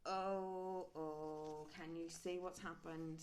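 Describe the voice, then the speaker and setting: A woman reading a children's picture book aloud, animated and adding sound effects and questions for young listeners. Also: on the low side, takes it slowly, hardly any pauses, a little hiss or hum.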